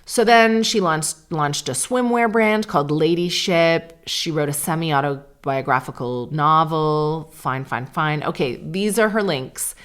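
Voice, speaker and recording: A woman in her forties talks her way through a solo podcast episode in a low, deep-set voice. She is candid and chatty, dropping dry sarcastic asides as she goes. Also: a little slow, few pauses. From Canada. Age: 40s. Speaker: podcast host. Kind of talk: casual solo podcast chat.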